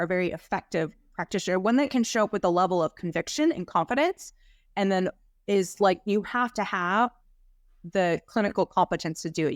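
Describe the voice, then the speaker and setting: A woman practitioner speaking as an interview guest, excited and fired up, with frequent "like" fillers. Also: on the low side, no echo, clean studio sound. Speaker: guest health practitioner and educator. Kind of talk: casual interview talk.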